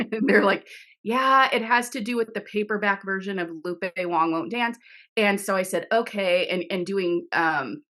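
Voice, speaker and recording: A middle-aged woman author, speaking at medium pitch and an unhurried pace, tells a story during a casual interview over a video call. She is animated, laughs often and restarts her sentences many times.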